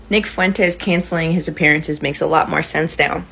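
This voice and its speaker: A woman's voice: low-pitched, steady tone, normal speed, gravelly, few pauses, a bit bright, husky. A woman hosting casual commentary in a dry, dismissive way. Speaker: host.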